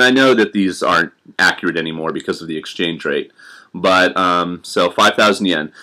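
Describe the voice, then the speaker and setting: A man's voice: fairly low pitch, a bit bright. A young man chatting casually to camera in a rambling, self-deprecating way with many fillers. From United States. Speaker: vlogger living in Japan.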